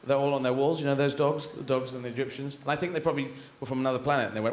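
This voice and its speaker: A man's voice: mid-range voice, fairly even intonation, racing. A man doing live stand-up comedy on a theatre stage, rambling and whimsical as he slips into voices. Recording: echoey live venue, loud audience laughter. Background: audience laughter.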